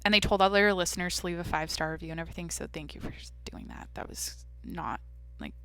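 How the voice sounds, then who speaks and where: Young woman, solo podcast host, blunt and foul-mouthed, tense bright voice, no room sound. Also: on the low side, quick pace, clear, resonant tone, no echo. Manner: brash, profane, blunt. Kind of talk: casual solo podcast chat.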